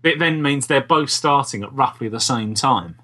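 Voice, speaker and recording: A man co-hosting a podcast, calmly reasoning through points in casual chat. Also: medium pitch, moderate pace. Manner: reasoned, explains at length. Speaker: podcast co-host.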